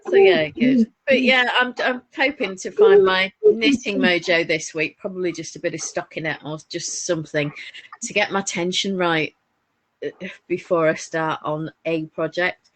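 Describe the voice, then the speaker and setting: With a lowish voice and no room sound, this Northern English woman co-hosts a laid-back crafting podcast. She chats warmly, telling family stories and laughing a lot.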